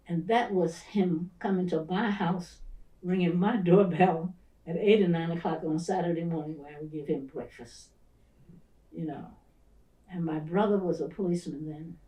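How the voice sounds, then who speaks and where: A woman's voice: on the low side, moderate pace. An older woman pastor from the Philadelphia area recounts memories in an interview, acting out the voices of the people in her stories. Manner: animated storyteller who acts out the voices of people in her story. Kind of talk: storytelling interview. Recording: roomy, distant mic.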